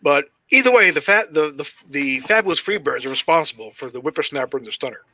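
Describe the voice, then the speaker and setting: A man's voice: a little high, animated, quick pace, bright, forceful tone, no echo. A man, a professional wrestler as guest, telling rambling, profanity-laced anecdotes in a casual interview. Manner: heavy swearing, rambling anecdotes; self-described shy and socially awkward.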